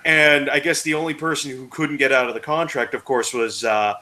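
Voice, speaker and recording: A man's voice: medium pitch, fairly even intonation, brisk, pushed and bright. An American man co-hosting a show, rambling and swearing in casual chat. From United States. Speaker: podcast co-host.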